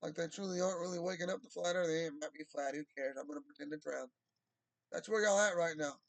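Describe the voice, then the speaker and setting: A man's voice: a little high, fast, vocal fry, dry recording. A man talking in a casual, rambling monologue, drawling and swearing freely. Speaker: vlogger.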